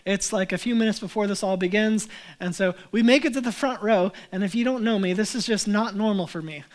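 Young guy pastor, high voice, animated storytelling sermon. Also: a little fast. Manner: animated storytelling, acting out quotes.

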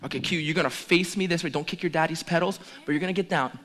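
A middle-aged man preaching as a pastor, joking playfully with the congregation during a lively demonstration. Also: on the high side, fast. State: out of breath at times. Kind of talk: lively sermon with audience demonstration.

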